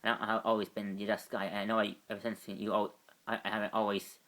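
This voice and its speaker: A man voicing a wry, remorseful male agent, halting and full of restarts. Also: on the low side, flat delivery, a bit bright, lightly acted. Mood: earnest. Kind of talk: amateur fan voice acting.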